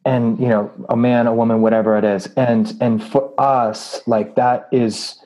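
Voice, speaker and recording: A man's voice: medium pitch, level tone, a little slow, warm tone, poor audio. A man telling a story in a casual interview, earnest and full of fillers. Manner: earnest, with many fillers and laughs. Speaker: anti-trafficking activist and preacher.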